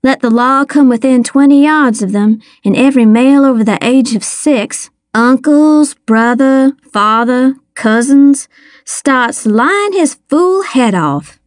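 A woman reading a first-person audiobook, with measured, wry storytelling. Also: high voice, animated, dry recording, clean studio sound. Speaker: audiobook narrator.

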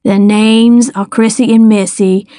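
A woman voicing a stubborn young racing driver who speaks calmly and gives orders. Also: on the high side, a little slow, no echo, studio quality, natural voice.

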